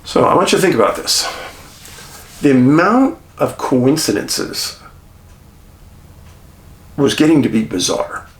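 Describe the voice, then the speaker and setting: A man telling a behind-the-scenes story about a documentary shoot, animated and chuckling, with dramatic pauses. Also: medium pitch. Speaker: documentary filmmaker recounting a shoot. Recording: roomy echo.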